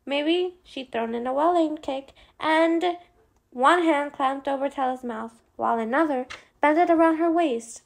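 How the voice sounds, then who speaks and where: High-voiced woman narrating a novel. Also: unhurried, gravelly. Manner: expressive reading with small slips. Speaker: audiobook narrator. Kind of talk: scripted narration.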